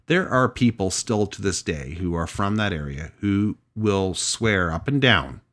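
A man with a very low voice hosts a podcast, talking through a story in a relaxed, chatty way. He thinks aloud, hedges, and restarts his sentences as he goes. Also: unhurried. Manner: thoughtful, hedging, with many restarts. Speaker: podcast host. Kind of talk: casual storytelling chat.

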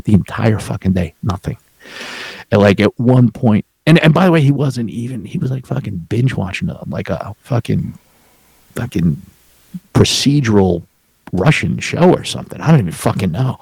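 A man's voice: on the low side, fairly quick, creaky, darkish tone, breathy edge, dry recording. Profane rambling male storyteller. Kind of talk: casual storytelling chat.

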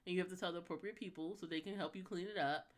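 A woman's voice: lowish voice, fairly even intonation, very fast. A woman co-hosting a podcast in casual chat, reasoning things out aloud. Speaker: podcast co-host.

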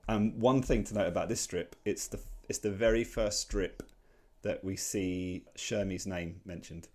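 A man's voice: low-pitched, fairly even intonation, measured pace, darkish tone. A man in his forties, casually co-hosting a podcast and rambling through his points with many restarts. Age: 40s. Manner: rambling, full of restarts and fillers. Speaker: podcast co-host. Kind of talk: casual comic-strip discussion.

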